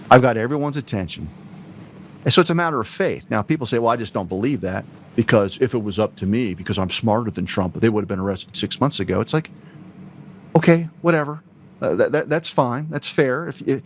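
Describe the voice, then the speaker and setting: Male guest, low gravelly voice, emphatic lecturer, faint hiss. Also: a little mellow. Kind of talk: casual political talk.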